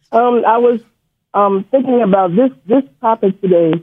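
Brief: high, husky man phoning in from New York, stutters, rambles emotionally, tinny phone line. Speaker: caller. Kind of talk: call-in storytelling.

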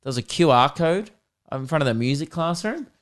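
This Australian podcast host, a man in his twenties, tells rambling, profane comic stories in a casual chat. His voice sits fairly high, and he speaks in an animated, fairly quick way.

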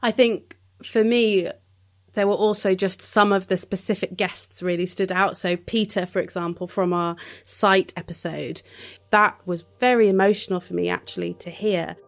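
A British woman co-hosts a podcast in a relaxed, conversational tone at a mid pitch. She sounds easygoing and engaged. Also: normal speed, vocal fry. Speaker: podcast co-host.

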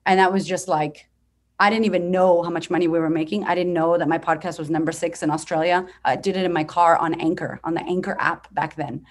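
A woman in her thirties, a business coach telling her story as a podcast guest, talking bluntly with lively energy and some swearing. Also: on the low side, a little fast. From United States. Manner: blunt, profane, energetic and animated.

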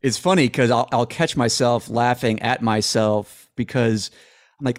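A man's voice: mid-range voice, animated, normal speed, no echo, studio quality. A man answering interview questions in a rambling, self-deprecating way, often restarting his sentences. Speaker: guest.

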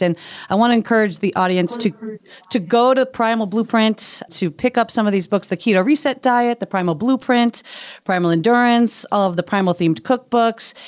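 A woman co-hosting a podcast, enthusiastic and quick to laugh, also reading the show's outro. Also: mid-range voice, smooth. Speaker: podcast co-host. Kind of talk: casual podcast chat and read outro.

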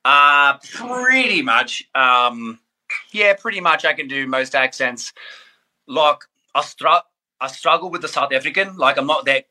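A man's voice: on the high side, unhurried. A man with an Australian accent, chatting as a podcast guest and telling jokey stories. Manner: joking, animated storyteller. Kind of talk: casual chat.

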